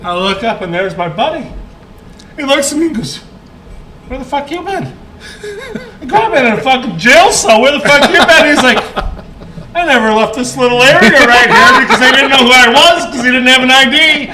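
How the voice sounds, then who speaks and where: A man telling a profane, animated story in casual podcast chat, laughing often. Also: extremely high pitch, brisk, echoey room, a crowd in the background, rough recording. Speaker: podcast guest. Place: podcast studio.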